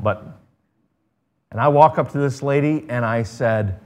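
A man, a pastor, giving a sermon. He reads scripture with swelling intensity, then drops into quiet, conversational asides to the congregation. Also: medium pitch, normal speed.

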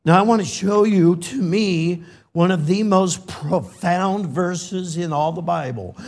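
A middle-aged man from California preaching in a high voice, slow and deliberate. He leans hard on key lines, then drops to a hushed near-whisper, and his delivery swings with emotion. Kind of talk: sermon.

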